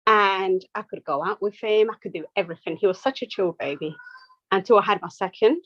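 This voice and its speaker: Young mum guest, animated anecdotes, dry muffled podcast mic. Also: female voice, mid-range voice, a little fast, no room sound. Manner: animated storytelling, quoting herself. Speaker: podcast guest, nurse and mother of two. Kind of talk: casual chat.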